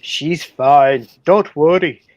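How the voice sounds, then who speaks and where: A man voicing a stoic mountain husband in his thirties, with a Scottish accent and a calming, reassuring manner. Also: fairly high pitch, takes it slowly, dry recording.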